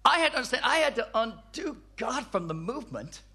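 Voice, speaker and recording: An older man preacher giving a personal testimony sermon, emphatic, at times dropping into soft low tones. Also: sing-song, a little fast, breathy edge.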